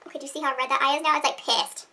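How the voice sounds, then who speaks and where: A woman's voice: high-pitched, fairly even intonation, very fast, pushed and bright, far from the mic. A woman beauty vlogger chatting casually through a makeup tutorial, rambling and giggling as she talks to her viewers.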